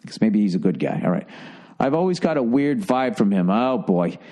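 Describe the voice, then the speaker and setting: A man's voice: on the low side, sing-song, moderate pace, mellow. A man hosting a podcast, reading listener letters aloud and cutting in with blunt, profane, exasperated asides. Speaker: podcast host.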